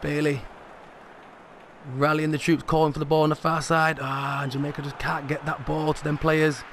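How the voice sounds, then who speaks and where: A man commentating his own football video game match as he plays, excitable and rising sharply in pitch at big moments. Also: normal speed, a little hiss or hum. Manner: excitable, rises sharply at goals. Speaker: gaming commentator.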